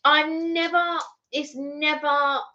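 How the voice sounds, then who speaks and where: A woman's voice: high voice, level tone, slow, bright, forceful tone, lo-fi sound. A woman co-hosting a casual live stream, telling stories in a rambling way with many restarts. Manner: rambling storyteller, full of "like" and restarts. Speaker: co-host.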